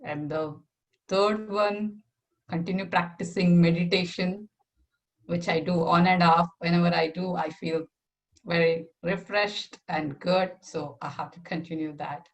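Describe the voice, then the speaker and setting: A woman whose first language is not English speaks in a somewhat low voice on a casual video call. She talks softly and hesitantly, pausing with fillers as she shares her plans. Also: fairly even intonation, low-quality recording. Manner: soft-spoken, hesitant, many fillers. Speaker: community member sharing weekly plan.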